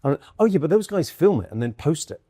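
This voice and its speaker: A man from the UK, a comedian and guest, telling stories in lively conversation and acting out what people said. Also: on the high side, no room sound, studio quality. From United Kingdom. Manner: quick, lively storytelling with acted-out quotes and bursts of laughter. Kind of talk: animated conversational storytelling.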